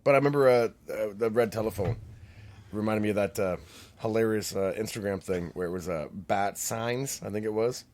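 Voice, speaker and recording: Casual man with a low voice. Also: fairly quick, a little mellow. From Canada. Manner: profane, laughs a lot, acts out quoted voices. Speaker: podcast co-host. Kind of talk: casual chat.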